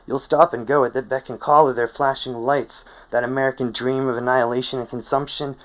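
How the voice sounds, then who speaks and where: A man voicing a wild young man who shouts preachy rants at passersby. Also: medium pitch, flat delivery, a little fast, voice pushed up, natural voice. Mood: ranting.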